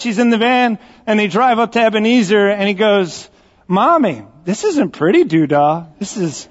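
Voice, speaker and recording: Folksy male pastor, high voice, joking sermon style; dull church recording with long reverb. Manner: joking, folksy, speaks directly to the congregation. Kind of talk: conversational storytelling sermon. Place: church sanctuary.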